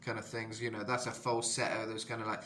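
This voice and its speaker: Male vocal coach, casual rambling tutorial, a little rough in the throat, very bright tone, faint background hiss. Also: fairly low pitch, monotone, quick pace. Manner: rambling, lots of "you know", jumps into sung demos.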